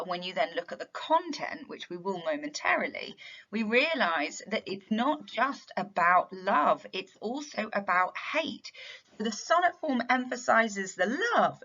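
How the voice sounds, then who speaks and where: A woman's voice: medium pitch, fairly bright tone, lo-fi sound. A woman teaching English literature in a revision tutorial, explaining step by step and asking rhetorical questions.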